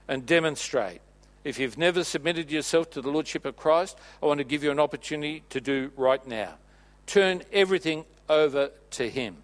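Earnest male preacher, mid-pitched voice. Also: moderate pace. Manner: earnest exhortation, dropping soft for emphasis. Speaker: pastor. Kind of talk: sermon.

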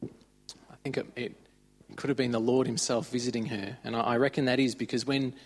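A man's voice: medium pitch, flat delivery, normal speed. A man giving an informal, conversational sermon. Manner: conversational, chatty retelling of stories. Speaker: preacher.

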